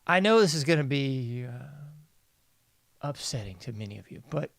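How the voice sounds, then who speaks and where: A man's voice: medium pitch, expressive, normal speed, creaky, no room sound. A man hosting a casual news commentary show, mocking and sarcastic, laughing often. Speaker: podcast host.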